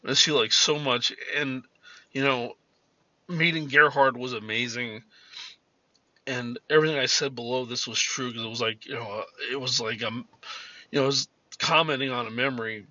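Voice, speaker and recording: A man in his fifties with a very sharp, bright tone, rambling through personal stories with lots of swearing and restarts. He speaks in a car, and the recording is dry and a little dull. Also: mid-range voice, normal speed, long pauses, no room sound. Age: 50s. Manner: rambling and profane, many restarts. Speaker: podcast host. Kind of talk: casual personal storytelling.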